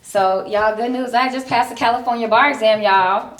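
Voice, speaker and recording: This stand-up set comes from a Chicago woman in her forties, talking chattily and self-mockingly with lots of ums. Her voice is a little high and steady at a moderate pace. The recording, made in an echoey comedy club, is very noisy.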